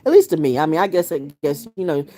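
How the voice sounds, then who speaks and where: A woman's voice: low voice, very animated, quick pace, mellow. A middle-aged woman from the United States ranting casually to her viewers, blunt and profane, telling stories with lots of animation. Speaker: vlogger. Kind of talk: casual rant to camera.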